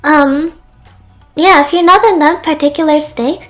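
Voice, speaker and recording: A woman guest in a casual stream chat, talking in a dry, teasing way with soft laughs. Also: high-pitched, normal speed, soft background music.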